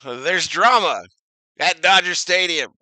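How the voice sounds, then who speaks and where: A man's voice: high-pitched, animated, slow pace, sharp tone, no echo. A man giving casual, slangy fan play-by-play of a baseball game, laughing often and reading chat comments aloud. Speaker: live-stream baseball commentator.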